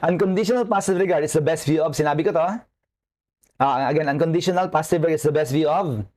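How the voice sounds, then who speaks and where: Talking fast in a highish, somewhat mellow voice, a nursing professor with a Filipino accent teaches a class online. His style is playful and conversational, with constant check-ins with the students.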